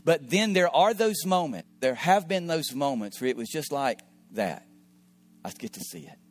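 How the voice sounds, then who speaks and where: A middle-aged man, a pastor, telling a story in an earnest sermon, often repeating his words and dropping into soft asides. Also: a little high, lively intonation, normal speed. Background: faint guitar music.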